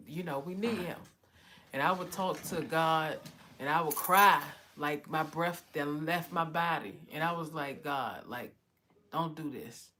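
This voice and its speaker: A woman's voice: deep voice, fairly bright tone. A woman giving a heartfelt personal testimony, often repeating "you know". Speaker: vlogger telling her story.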